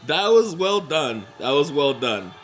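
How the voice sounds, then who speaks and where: A young adult man giving casual reaction commentary, excitable, laughing often and swearing freely. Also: a little high, a little slow, soft background music. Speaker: wrestling reaction vlogger.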